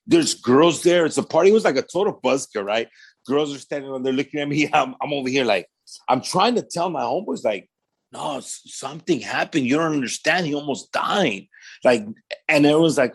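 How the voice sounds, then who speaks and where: A man's voice: mid-range voice, breathy edge. A man with a Southern California accent telling his testimony in casual storytelling style, acting out the voices in his quotes and filling with "man" and "right?". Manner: conversational, fillers like "man" and "right?".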